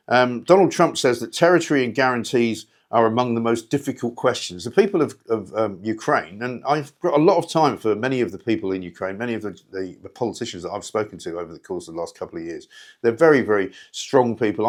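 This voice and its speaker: A man hosting a talk show, delivering a sardonic, rambling, opinionated monologue straight to listeners. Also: medium pitch. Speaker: radio talk show host.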